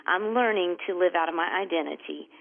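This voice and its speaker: A woman's voice: on the low side, fast, creaky. A woman, talking earnestly and chattily as a guest author in an interview. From Southern United States (Georgia). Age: 50s. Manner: earnest, chatty, laughs easily. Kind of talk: conversational interview. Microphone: telephone. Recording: tinny phone line.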